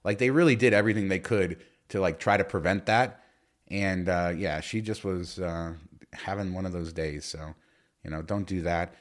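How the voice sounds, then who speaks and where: A man with a low voice speaks at a normal speed while co-hosting a casual podcast chat. He rambles through his stories, packing them with fillers and frequent restarts.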